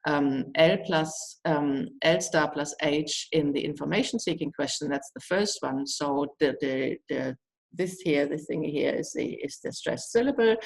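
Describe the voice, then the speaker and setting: A woman's voice: low-pitched, vocal fry, low-quality recording. A woman giving an academic lecture, explaining step by step with many fillers and restarts. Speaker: guest lecturer.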